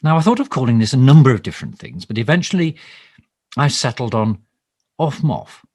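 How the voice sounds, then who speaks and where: A man's voice: mid-range voice, very animated, a little fast, a little mellow, no echo. A man playing a bumbling, pompous government minister in a mock live stream, rambling and stammering through ums and restarts. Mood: self-important. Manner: pompous, overly formal. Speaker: satirical minister character. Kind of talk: improvised comic monologue, mock live stream.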